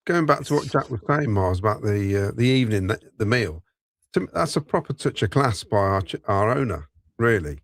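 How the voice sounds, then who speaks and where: A man in casual podcast chat with a fairly low voice, measured and fond of saying "you know". The sound is close and dry. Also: animated, dry recording. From England. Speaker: podcast panelist.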